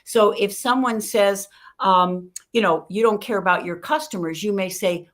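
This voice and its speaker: Lively woman acting out dialogues. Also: mid-range voice, moderate pace. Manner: lively, acts out both sides of conversations. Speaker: guest communication expert. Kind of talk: animated teaching with acted-out dialogue.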